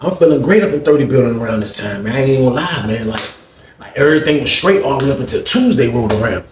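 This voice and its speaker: Dude telling a storytime real fast, lots of slang, echoey room with some faint hum. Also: male voice, mid-range voice. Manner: animated, slangy, acts out quotes. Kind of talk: casual storytime. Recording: roomy echo with faint ambience.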